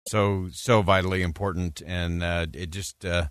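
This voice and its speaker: A man's voice: sits low, little pitch movement, moderate pace, clean tone, dry recording, studio quality. A man hosting a radio interview, conversational with frequent fillers. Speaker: radio host.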